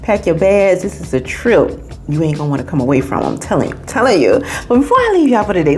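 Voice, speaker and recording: A woman's voice: sing-song, fast, faint music behind. A woman hosting a casual video review, chatty and gushing, talking straight to her viewers, sometimes dropping to a whisper and sometimes jumping to a squeal. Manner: drops into hushed whispers and jumps to high squeals. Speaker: movie reviewer and channel host.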